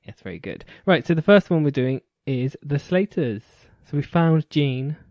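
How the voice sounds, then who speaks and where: Male podcast host, mid-pitched, chatty and giggly, dry close recording with a dull lo-fi tone. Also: lively intonation, normal speed, no echo. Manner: chatty, laughs often, uses "like" a lot. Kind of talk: casual chat.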